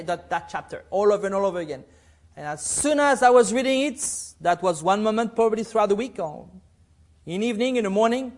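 A man with a fairly high voice leads a Bible study sermon. He reads scripture slowly and deliberately and leans hard on key words. Between verses he drops into hushed, earnest asides. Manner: emphatic, swings between loud and hushed; slow deliberate scripture reading. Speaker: preacher.

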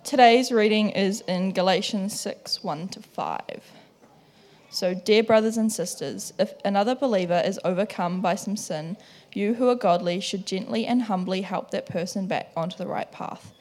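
A woman reading a Bible passage aloud in church, steady and careful. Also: mid-range voice, moderate pace. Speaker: scripture reader.

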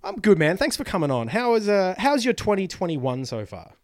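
An Australian man in his thirties hosts a casual podcast, joking and laughing easily as he talks. His voice sits a little high for a man, and the sound is dry and close, with no room around it. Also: wildly swooping pitch, brisk, darkish tone, no echo. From Queensland, Australia. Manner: laughs often, chatty and jokey, restarts sentences. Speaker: podcast host.

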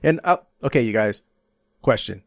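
Animated, laughing man from California. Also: mid-range voice, normal speed, gravelly, dry recording, studio quality. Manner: laughing, animated storyteller, swears freely. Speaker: podcast guest. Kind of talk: casual chat.

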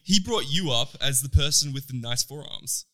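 A man co-hosting a podcast in casual chat, easygoing and quick to agree. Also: mid-range voice, lively intonation, sharp tone. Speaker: podcast co-host.

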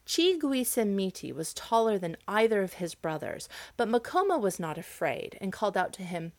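A woman narrating a folk tale in an expressive storybook style. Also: mid-range voice, normal speed, few pauses, no echo. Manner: expressive, dramatic reading.

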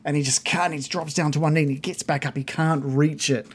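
A man's voice: a little high, fairly even intonation, brisk, husky. A man narrating a tabletop game as game master, loose and hesitant, with many fillers.

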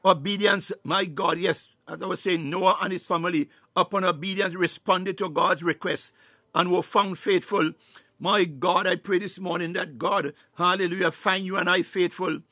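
A man preaching a fervent sermon, filling every pause with "my God" and "hallelujah" and sometimes breaking into tongues and shouts. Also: high-pitched, steady tone, slightly rough, no echo. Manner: bursts into tongues, rising to shouts.

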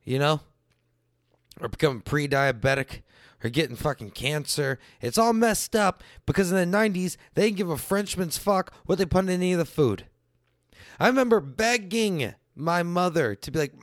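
Animated, profane young man ranting. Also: a little high, moderate pace, dry recording, studio quality. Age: late 20s to early 30s. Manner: profane, animated, swings between shouting and muttering. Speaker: comedian. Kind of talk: stand-up style rant.

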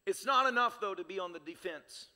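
A man's voice: high voice, fairly quick, pushed and bright. A male pastor preaching a sermon with fervor, using rhythmic, repeated phrases. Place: church sanctuary. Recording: reverberant church hall.

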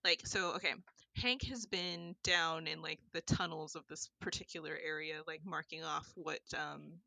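A woman in casual chat, retelling a film plot in an animated way with lots of fillers. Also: deep voice, moderate pace, creaky, no echo, rough recording. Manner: animated storytelling, many fillers.

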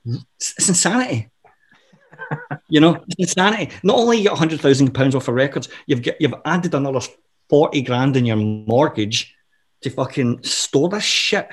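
A middle-aged man talks as an interview guest, swearing freely as he tells one anecdote after another. His voice sits at an ordinary middle pitch for a man. He keeps things casual and lively. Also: moderate pace, breathy edge. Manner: profane, animated anecdotal storyteller.

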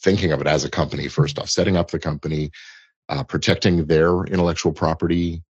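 Very deep husky-voiced man. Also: steady tone, quick pace, no echo, highs cut off. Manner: thoughtful, restarts phrases, explanatory. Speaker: entertainment lawyer guest. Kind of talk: conversational interview answers.

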